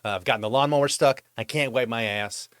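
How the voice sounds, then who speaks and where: A man's voice: medium pitch, fast talker, clean tone, no room sound, clean studio sound. Exasperated, foul-mouthed man ranting. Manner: profane ranting; exasperated, animated storytelling. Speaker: vlog host. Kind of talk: comedic monologue. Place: home.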